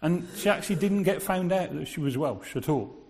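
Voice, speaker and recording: A man's voice: fairly high pitch, lively intonation, brisk, a little mellow. A man giving a sermon in a conversational way, asking his listeners rhetorical questions. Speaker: preacher. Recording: long reverb of a large hall.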